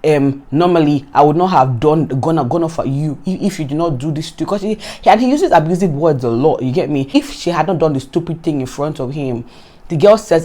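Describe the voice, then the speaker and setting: A Nigerian woman vlogger recapping a reality show in casual, animated commentary, often exasperated and repeating herself. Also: deep voice, fairly quick.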